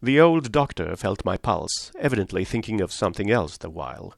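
A man narrating a story for an audiobook in a measured, steady way. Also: on the low side, creaky, no room sound, studio quality.

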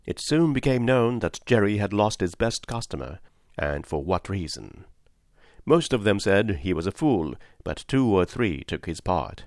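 Male narrator for a classic novel, lowish voice, measured, dry close mic. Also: big pitch swings, darkish tone, dry recording. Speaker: audiobook narrator. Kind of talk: scripted narration.

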